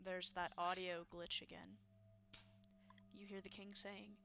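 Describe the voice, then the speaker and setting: A woman narrating a tabletop game as game master, in a measured, atmospheric way. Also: fairly low pitch, flat delivery, creaky, bright, forceful tone, highs cut off.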